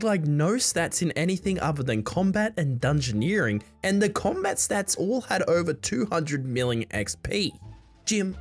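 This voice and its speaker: A woman hosting a gaming channel, doing gameplay commentary with comic skits in an excitable, chatty manner full of slang. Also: mid-range voice, breathy edge.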